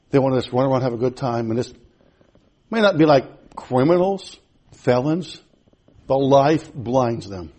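A man preaching a sermon in a church, impassioned and repetitive, swinging from loud to hushed. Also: mid-range voice. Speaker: pastor.

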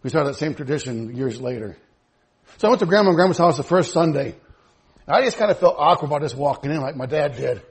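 A pastor preaching a sermon to his church, moving from low, quiet passages to loud, high, laughing emphasis. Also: animated, fast talker, husky.

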